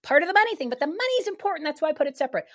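Woman, high voice, fired-up, emphatic, rapid talk-show guest. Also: expressive, a bit bright. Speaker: guest activist. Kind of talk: casual talk-show chat.

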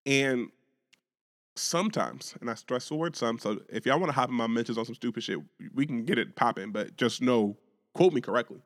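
Man, podcast co-host, argumentative, stammering restarts, mid pitch, long room reverb. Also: fairly quick. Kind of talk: casual opinionated chat.

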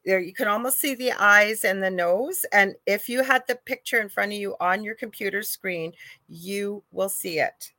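A middle-aged woman co-hosting a live chat, telling a ghost story in an animated way. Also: mid-range voice, normal speed, no echo. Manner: animated storyteller, acts out quoted voices. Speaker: co-host, psychic medium.

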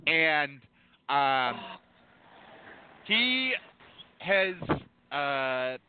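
Brief: male talk host, fairly high voice, emphatic and indignant, tinny phone-line sound. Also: sing-song, extremely slow, clean tone. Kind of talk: call-in radio talk.

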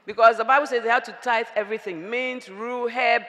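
A woman preacher, giving an animated, humorous sermon and often raising her voice to a shout. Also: fairly high pitch, fairly quick, muffled recording. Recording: long reverb of a large hall.

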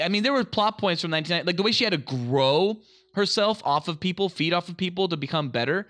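A man co-hosting a casual podcast, excitable and rambling, swearing often. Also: sits high, quick pace. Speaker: podcast co-host.

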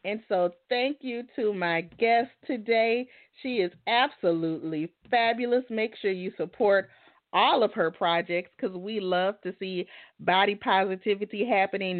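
A woman's voice: medium pitch, unhurried, no room sound. A woman hosting a casual interview in a loose, friendly, conversational way. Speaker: host. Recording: dry phone-like sound.

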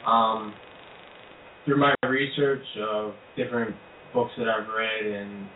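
Male guest, measured and reflective; roomy, tinny phone audio with light hiss. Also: lowish voice. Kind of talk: casual talk radio chat. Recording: echoey phone line with faint hiss.

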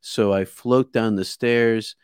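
A man's voice: on the low side, steady tone, takes it slowly, a little mellow, clear, resonant tone, dry recording, clean studio sound. A man from outside Boston tells a personal story in an earnest, vivid way, restarting and repeating words as he goes. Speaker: guest. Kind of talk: casual spoken storytelling.

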